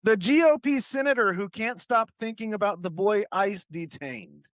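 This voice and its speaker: A man's voice: high-pitched, lively intonation, moderate pace, fairly bright tone, no echo. A man with a Southern accent chatting as a podcast guest, reading headlines aloud and laughing often. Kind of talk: casual chat.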